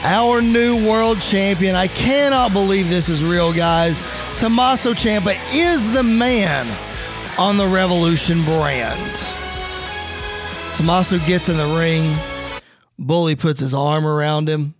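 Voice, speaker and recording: Energetic high-voiced male commentator. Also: slow pace, over music. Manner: energetic, excitable. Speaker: commentator and narrator. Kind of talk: play-by-play wrestling game commentary.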